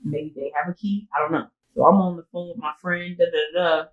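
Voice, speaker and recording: On a casual podcast, a female co-host tells a personal story in a loose, animated way, saying "like" and "I was like" a lot and acting out what others said, though the retelling turns sobering and emotional. Her voice is on the low side and a little fast, heard in an echoey room through narrow, tinny audio.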